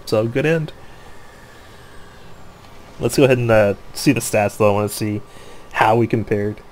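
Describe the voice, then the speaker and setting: A man casually commenting on his own gameplay, laughing often, joking and excitable, with faint noise behind him. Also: on the low side, moderate pace.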